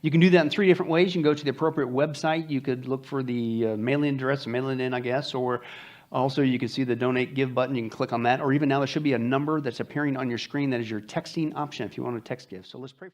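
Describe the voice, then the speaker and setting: A man's voice: medium pitch, steady tone, quick pace. A male pastor giving church announcements with jokes and then leading a prayer in a sanctuary. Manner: joking, upbeat announcer turning to hushed prayer.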